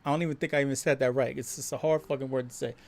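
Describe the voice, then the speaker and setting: A man hosting a live stream, talking casually with lots of swearing and laughter, and acting out quoted voices louder and higher. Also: very fast. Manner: profane, laughing, animated storytelling. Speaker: host.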